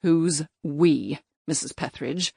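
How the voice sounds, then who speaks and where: A woman voicing a stern male major and magistrate who talks in clipped, threatening, quietly forceful lines. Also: low voice, slow pace, gravelly, husky, dry recording, clean studio sound, heavily acted.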